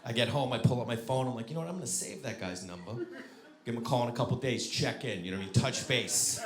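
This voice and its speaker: A man doing stand-up storytelling on stage, animated and acting out voices. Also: medium pitch, quick pace. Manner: animated, acts out voices with big shouted peaks. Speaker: stand-up comedian. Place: theater stage with live audience. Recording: roomy live venue with crowd laughter.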